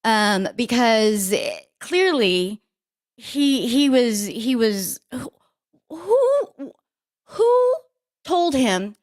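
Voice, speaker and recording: A woman co-hosting a casual talk show, telling stories in a brash, profane, animated way. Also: fairly high pitch, extremely slow. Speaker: co-host.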